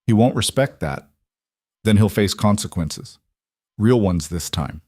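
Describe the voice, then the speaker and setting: Man voicing a calm, protective husband. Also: fairly low pitch, unhurried, no room sound, studio quality. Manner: calm, reassuring.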